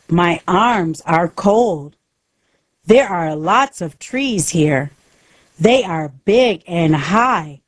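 Lady reading an easy story really slow, lively pitch, dry close sound. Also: dry recording. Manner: careful, deliberate reading. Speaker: narrator. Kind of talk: slow graded-reader story narration.

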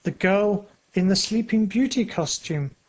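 A storyteller reading a children's story aloud in plain, simple, measured sentences. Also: medium pitch, lively intonation, a little mellow. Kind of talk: slow storybook narration.

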